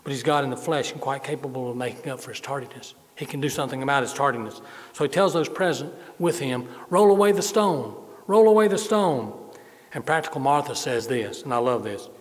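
A man's voice: mid-range voice, fast talker. A middle-aged male pastor giving a sermon, repeating phrases for emphasis and adding folksy humor. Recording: long hall reverb.

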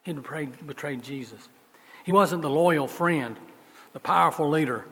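Husky male pastor, folksy sermon delivery with loud and soft swings, long hall reverb. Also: fairly high pitch, moderate pace. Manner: folksy storytelling, swings between loud emphasis and soft asides.

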